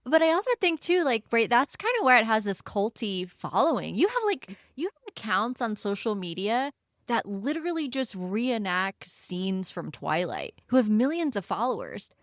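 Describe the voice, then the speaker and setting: A woman hosting a podcast in a casual chat, talking in an animated, rambling way. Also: fairly high pitch, moderate pace, no room sound, clean studio sound. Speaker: podcast host.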